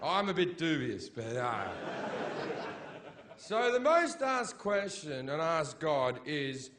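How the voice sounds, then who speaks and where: A man's voice: fairly high pitch, very animated, slow, fairly bright tone, slight background noise. A middle-aged man doing a stand-up comedy routine on stage, blunt, profane and mocking. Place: comedy stage before a live audience.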